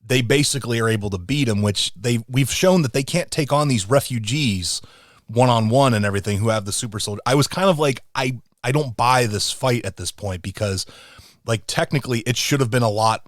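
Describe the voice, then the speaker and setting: A man's voice: medium pitch, fairly quick, no echo, studio quality. A man co-hosting a casual podcast, talking in a loose, rambling way. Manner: rambling, many fillers and restarts. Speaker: podcast co-host.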